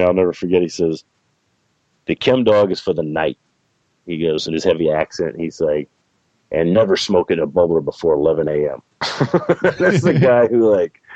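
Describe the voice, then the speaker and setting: In a low, darkish voice on a dry, dull recording, a middle-aged interview guest who breeds plants tells a lengthy story. He wanders, corrects himself, and laughs frequently.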